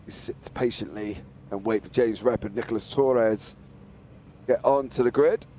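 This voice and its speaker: A man's voice: medium pitch, normal speed, a little hiss or hum. A man commentating on a live esports race, chatty and joking with his co-host, with calls that build as the cars go by. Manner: chatty, jokey, climbs to excited shouts at race starts. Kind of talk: live sim racing commentary.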